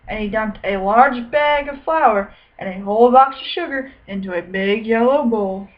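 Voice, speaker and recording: A young woman student teacher reading a picture book aloud, then giving clear teacherly instructions for writing time. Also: on the high side, moderate pace, few pauses, highs cut off.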